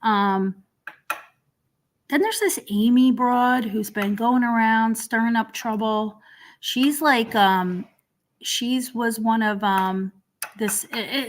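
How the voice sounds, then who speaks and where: A woman's voice: medium pitch, slight background noise. Exasperated woman rambling through commentary. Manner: rambling, with many filler ums and restarts; exasperated, sarcastic. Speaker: host of a drama commentary stream. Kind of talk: casual commentary.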